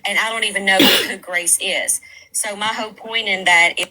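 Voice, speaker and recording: Bright-voiced woman in a played clip. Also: mid-range voice, steady tone, normal speed, low-quality recording. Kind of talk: casual talk in a played clip.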